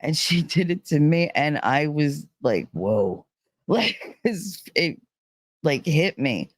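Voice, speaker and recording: Woman vlogger, unhurried, rambling and candid, lots of "like", dry close sound. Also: low-pitched, lively intonation, no room sound. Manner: rambling and candid, heavy on "like" fillers, swears. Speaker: channel host. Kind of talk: casual monologue retelling a dream.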